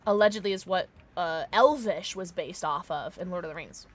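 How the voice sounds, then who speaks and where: A woman's voice: on the low side, normal speed. A tired woman livestreaming a game, chatting casually and rambling with her viewers, reading out names and laughing often. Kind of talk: casual chat with viewers while gaming.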